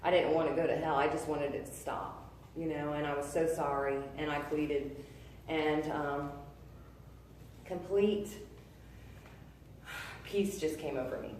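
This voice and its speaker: A woman in her thirties gives a personal testimony in a low voice. Her talk is earnest and halting, full of pauses and fillers. She sounds set back from the mic in a strongly echoing room with faint noise behind. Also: fairly even intonation, a little mellow. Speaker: testimony speaker. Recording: echoey room, voice from a distance.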